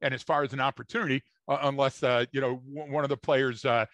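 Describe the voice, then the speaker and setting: A man's voice: mid-range voice, fairly even intonation, quick pace, fairly bright tone, no echo, highs cut off. A man co-hosting a podcast, explaining points emphatically and addressing his listeners directly in a casual, lecturing discussion. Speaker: podcast co-host.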